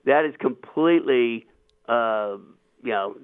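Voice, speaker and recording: A man hosting a radio talk show, explaining Bible passages in an animated, emphatic way. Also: medium pitch, slow pace, clear, resonant tone, dry recording. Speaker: radio host. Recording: tinny phone-like line, dry.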